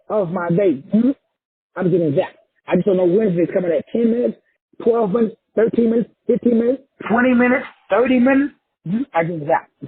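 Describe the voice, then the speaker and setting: This Texan motivational speaker gives an emphatic, profane monologue built on repeated phrases. His voice is high and slightly rough, and the recording has a tinny, phone-like sound.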